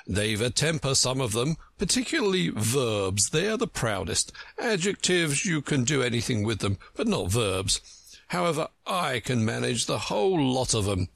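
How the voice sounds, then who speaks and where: A pompous, contemptuous egg of a know-it-all, as a man reading a storybook puts him on, lecturing with big swoops of pitch. The voice has a gravelly, husky grain. It is recorded dry. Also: normal speed, no room sound, heavily acted. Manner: pompous, contemptuous, lively lilting delivery.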